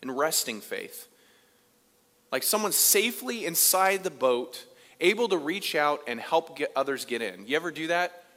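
A man preaching a sermon as pastor, conversational, moving between loud emphasis and quiet asides. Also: a little high, expressive, normal speed. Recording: long reverb of a large hall.

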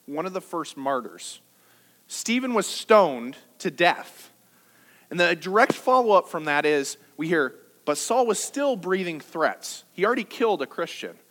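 A pastor's sermon at a church service comes in a high, bright voice that leaps around in pitch. Addressing the congregation conversationally, he teases them with jokes and rhetorical questions, and his tone shifts with energy line by line.

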